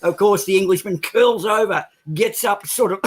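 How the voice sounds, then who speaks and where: A man's voice: high-pitched, breathy edge. A man telling long jokes in casual banter among friends, groaning at the others' puns. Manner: drawn-out groaning reactions to puns. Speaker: podcast co-host telling jokes.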